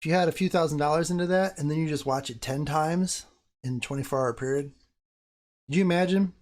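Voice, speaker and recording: Man, live-stream host, casual chat with viewers, excitable and foul-mouthed. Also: fairly high pitch, fast. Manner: profane, excitable, talks to chat. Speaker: livestream host. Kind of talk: casual live-stream commentary on crypto charts.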